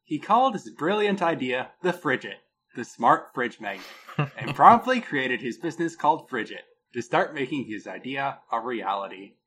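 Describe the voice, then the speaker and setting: A man co-hosting a casual podcast, telling a product story with a lot of pitch movement and laughing at his own jokes. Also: sing-song, moderate pace, a bit bright, a little hiss or hum. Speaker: podcast co-host.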